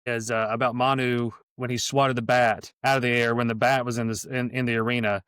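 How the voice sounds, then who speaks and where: Casting: middle-aged male podcast host, smooth clear voice, eager, rambling delivery, dry close mic. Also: medium pitch, flat delivery, fairly quick, a bit bright, no echo. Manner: enthusiastic, rambling with restarts. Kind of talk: casual sports podcast chat.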